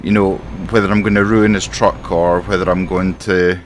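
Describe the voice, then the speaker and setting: A man's voice: sits low, little pitch movement, moderate pace, slight background noise. A man with a Scottish accent giving rambling, exasperated in-character commentary while playing a trucking game. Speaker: simulation gamer playing a truck driver.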